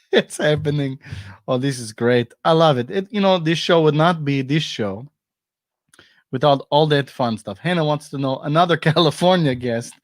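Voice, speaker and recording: A man's voice: a little high, normal speed, no room sound, clean studio sound. A man hosting a casual live-stream comedy chat, playful and joking, laughing often. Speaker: host.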